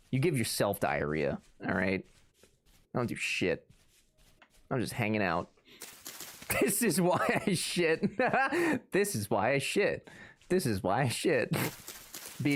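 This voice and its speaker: A young man streams and banters with his chat in a loose, joking way. His pitch leaps up and down as he gets playfully worked up, though his voice usually sits at an ordinary middle height. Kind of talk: casual chat reading live chat.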